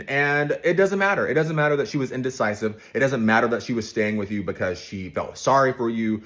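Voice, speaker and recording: A man's voice: mid-range voice, animated, fairly quick, few pauses, a bit bright. A man recapping a daytime soap for his viewers in casual, opinionated commentary, talking straight to them.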